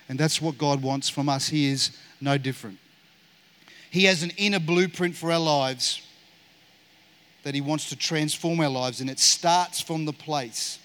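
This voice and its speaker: Male pastor, earnest sermon delivery, mid-high voice. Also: measured pace, fairly bright tone, clean tone. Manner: earnest preaching, acts out short quoted dialogue.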